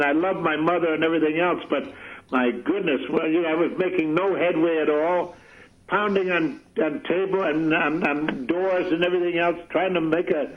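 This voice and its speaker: Older man telling a folksy tale on old radio. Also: on the high side. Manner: folksy, rambling storyteller. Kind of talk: archival radio anecdote. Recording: dull lo-fi radio clip.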